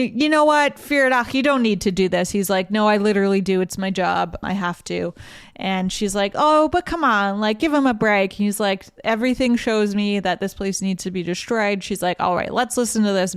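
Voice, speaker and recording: A woman's voice: mid-range voice, clean tone, no echo, studio quality. A woman co-hosting a casual book club podcast, retelling the plot and briefly voicing the characters' lines. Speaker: podcast co-host summarizing a book. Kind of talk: casual chat.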